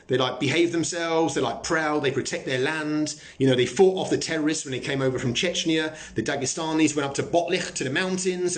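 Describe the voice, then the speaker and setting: A man hosting a live stream, chatting casually, joking and swearing as he answers viewer comments. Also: a little high.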